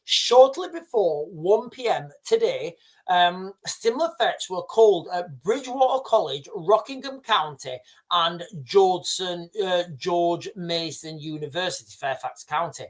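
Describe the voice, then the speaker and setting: A man's voice: sits high, expressive, unhurried. A man hosting a casual livestream, rambling through the news with many fillers and restarts. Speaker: livestream host. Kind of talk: casual live commentary.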